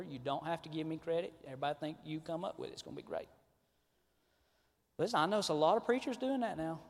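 High-voiced Southern preacher in an echoing hall. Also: male voice. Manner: swings from fiery shouting to quiet joking asides. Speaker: pastor. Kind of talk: sermon. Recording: echoey large hall.

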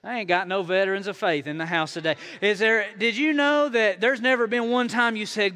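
Male pastor, high bright voice, folksy sermon with big swings in volume. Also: normal speed, hardly any pauses. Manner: conversational preaching with sudden rises and quiet drops; folksy, playful asides to the congregation. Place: church in front of a congregation.

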